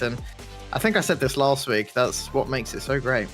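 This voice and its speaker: Animated male co-commentator with lively pitch. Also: normal speed. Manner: animated, swoops into excited exclamations. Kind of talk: casual commentary chat. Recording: faint music bed behind.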